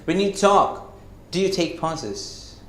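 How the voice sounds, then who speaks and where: A man's voice: sits high, animated, a little hiss or hum. Emphatic male trainer in an echoey room. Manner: emphatic, slows to stress words, asks rhetorical questions. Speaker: communication skills trainer. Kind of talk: classroom-style lecture.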